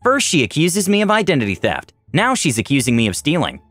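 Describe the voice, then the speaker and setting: A man reading online stories aloud with a lively, sing-song delivery. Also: on the high side, a little fast, dry recording, faint music behind. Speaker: story reader.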